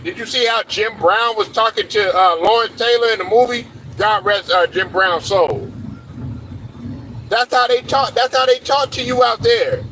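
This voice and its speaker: A man's voice: high voice, pushed and bright, a little hiss or hum, rough recording. Blunt, profane man ranting about sports. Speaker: sports commentary host. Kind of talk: opinionated sports rant.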